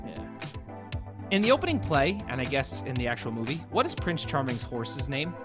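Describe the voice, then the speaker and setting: A man's voice: medium pitch, sing-song, moderate pace, music in the background. A man co-hosting a podcast, trading crude jokes in casual banter. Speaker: podcast co-host. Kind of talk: casual chat.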